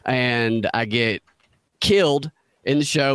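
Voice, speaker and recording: A man's voice: mid-range voice, lively intonation, brisk, fairly bright tone, no echo. A man with a Southern US accent, chatting as a podcast guest, joking and slipping into put-on voices. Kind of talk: casual podcast chat.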